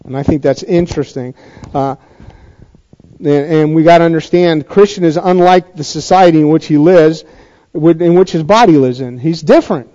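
High-voiced pastor preaching conversationally. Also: male voice, normal speed, dark tone, highs cut off. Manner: conversational preaching with rhetorical questions and emphatic rises. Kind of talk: sermon.

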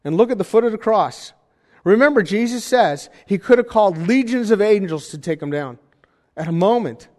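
A man preaching a sermon in a conversational style, with jokey asides and animated emphasis. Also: high-pitched, normal speed, in a large hall. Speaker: pastor.

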